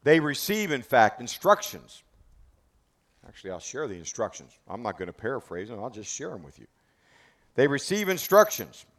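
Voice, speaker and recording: A man's voice: mid-range voice, big pitch swings, normal speed, fairly bright tone. Dramatic man giving a history tour. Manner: dramatic, rhetorical questions, emphatic. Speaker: battlefield tour guide. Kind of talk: outdoor history talk to a group.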